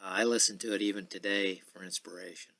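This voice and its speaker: A man in his sixties hosting a podcast in a casual, rambling monologue full of filler pauses. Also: low voice, fairly even intonation, vocal fry, sharp tone, dry recording. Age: 60s. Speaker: podcast host.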